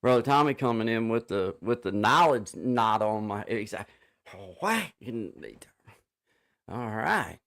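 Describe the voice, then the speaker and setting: A man hosting a casual livestream chat over a video call, rambling with many restarts and fillers and giving warm shout-outs to viewers. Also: fairly low pitch, unhurried, creaky. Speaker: livestream host.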